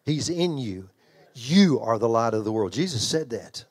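A man's voice: medium pitch, lively intonation, normal speed, slightly rough. An older man preaching a sermon in an emphatic, conversational way, repeating phrases, restarting lines and asking the congregation questions. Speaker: pastor and children's ministry trainer.

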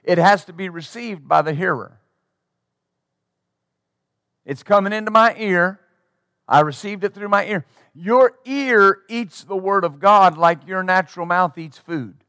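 A man's voice: high voice, measured pace, pauses often, sharp tone, no echo, studio quality. A man preaching a sermon as pastor, emphatic and acting out the replies of the people he quotes.

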